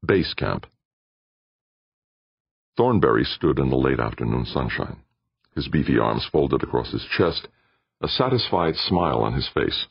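A man reading a science-fiction novel aloud in steady, measured narration. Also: very deep voice, gravelly, husky, no echo, highs cut off. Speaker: audiobook narrator. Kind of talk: scripted narration.

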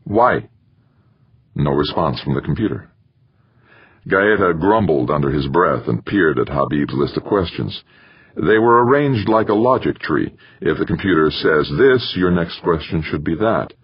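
A man narrating an audiobook in a steady, measured reading. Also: a bass voice, husky, no room sound, highs cut off. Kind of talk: scripted narration.

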